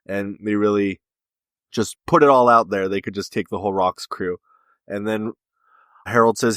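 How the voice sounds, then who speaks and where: A man's voice: fairly low pitch, fairly even intonation, moderate pace, fairly bright tone, clear, resonant tone, dry recording, studio quality. A man co-hosting a podcast, casually recapping a story scene by scene and quoting the characters' lines. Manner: retells scenes with quoted dialogue. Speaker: podcast co-host.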